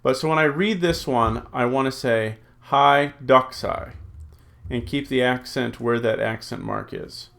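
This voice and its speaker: This recorded Greek lecture features a man whose mid-range voice is gravelly and a bit bright. He drills word forms at a slow pace, reads the rules aloud, and muses through them with many ums and uhs.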